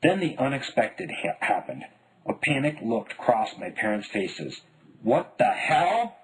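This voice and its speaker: Husky man reading a wry memoir. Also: fairly low pitch, a little slow, low-quality recording. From Denver, United States. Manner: wry, deadpan humor. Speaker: memoir author. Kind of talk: memoir narration.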